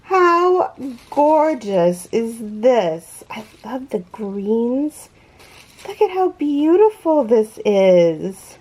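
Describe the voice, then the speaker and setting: A woman's voice: a little high, very animated, extremely slow, a little mellow. A woman hosting a crochet unboxing vlog, gushing and awed, gasping and close to tears. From California. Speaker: crochet channel host.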